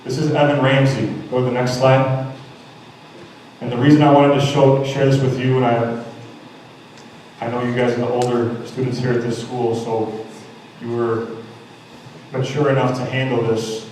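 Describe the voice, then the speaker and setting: A man's voice: mid-range voice, level tone, normal speed, long pauses, a little mellow, slight background noise. A man giving a motivational speech at a school assembly, telling emphatic stories and acting out the quotes. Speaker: motivational speaker. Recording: echoey hall heard from far off.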